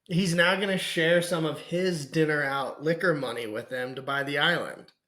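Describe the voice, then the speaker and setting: A man with a fairly high, bright voice joins a relaxed podcast chat about a film. He drops in short, dry and wry remarks. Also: normal speed. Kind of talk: casual movie chat.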